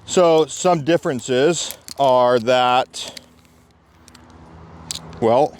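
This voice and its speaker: A man with a smooth, resonant voice talks through climbing gear in a relaxed review. He explains each detail in a chatty, step-by-step way and sits at a middling pitch for a man. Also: slow pace.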